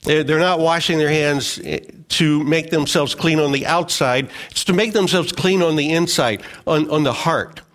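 Chatty preaching man with a higher voice. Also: moderate pace, few pauses, fairly bright tone. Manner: conversational, joking asides and acted-out quotes. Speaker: pastor. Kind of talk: sermon.

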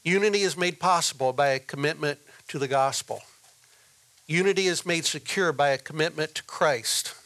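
A man preaching a sermon as a pastor, slow and deliberate, repeating key phrases for emphasis. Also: fairly high pitch, fairly bright tone.

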